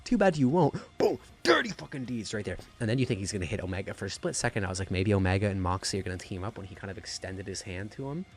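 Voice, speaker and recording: A man giving a rambling, gushing, profane wrestling review in a casual excited style. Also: low-pitched, racing, few pauses, a little hiss or hum.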